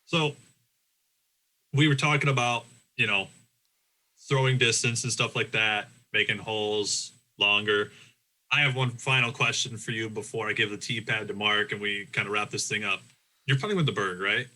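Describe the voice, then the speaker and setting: A man hosts a casual podcast interview in a bright, clear voice. He keeps things loose, joking and laughing along with his guest. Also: fairly low pitch, moderate pace, rough recording. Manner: relaxed, laughs easily, jokey. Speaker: podcast host.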